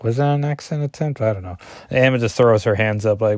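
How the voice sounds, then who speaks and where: Man, casual comic read-through, rambling, self-deprecating asides, mid pitch, dry close recording. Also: fairly quick, a little mellow, dry recording. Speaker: comic book reviewer.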